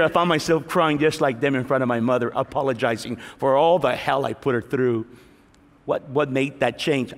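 Middle-aged pastor telling his story, high voice, big echoey church. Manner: lively storyteller, acts out voices. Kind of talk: sermon testimony. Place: large church hall. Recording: reverberant church hall.

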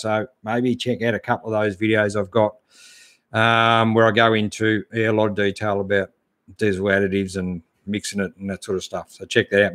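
A man's voice: fairly low pitch, fairly bright tone. Laid-back Australian man answering chat. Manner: laid-back, chatty, calls everyone mate. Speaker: host answering live chat. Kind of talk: casual live-stream chat.

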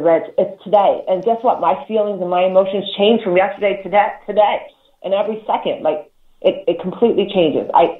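A talk show host giving casual spiritual advice, emphatic and profane, repeating words and laughing between points. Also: mid-range voice. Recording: echoey, tinny phone-like line.

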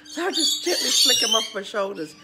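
A woman's voice: fairly high pitch, big pitch swings, brisk. Blunt, chatty woman vlogger. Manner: chatty, blunt, scolding, coos at her birds. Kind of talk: casual talk to camera. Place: home with a bird deck, indoors. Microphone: handheld phone camera. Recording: noisy home with squawking birds.

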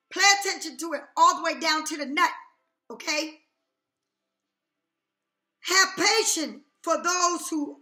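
A woman's voice: very high-pitched, bright, forceful tone, roomy sound. A woman giving a casual tarot reading, talking emphatically, repeating herself and checking in with "okay?" often. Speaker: tarot reader.

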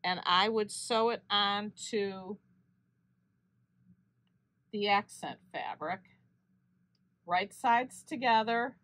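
A woman walks through a quilting tutorial at a slow, patient pace. Her voice sits at an ordinary middle pitch, and she fixes small slips as she goes. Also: dry recording. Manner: steady step-by-step explaining with small self-corrections. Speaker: quilting channel host. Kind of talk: unscripted sewing tutorial.

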